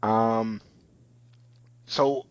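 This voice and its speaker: A man co-hosting a podcast, casually recapping a TV episode in a rambling way with many pauses and restarts. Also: on the low side, fairly even intonation, clear, resonant tone, no room sound, lo-fi sound. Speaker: podcast co-host.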